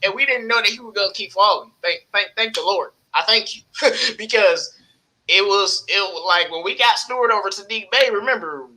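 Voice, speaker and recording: Casting: excitable male podcast co-host, very bright voice, slightly high. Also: normal speed, low-quality recording. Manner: animated, excitable, laughs often. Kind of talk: casual sports talk.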